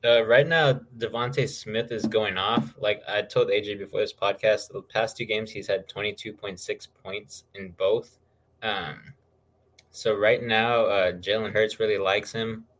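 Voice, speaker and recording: A man with a somewhat low voice co-hosts a casual podcast. He talks through stats at an easy pace, dropping filler uhs as he goes. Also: fairly even intonation, measured pace, fairly bright tone, slight background noise. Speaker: podcast co-host. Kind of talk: casual fantasy football chat.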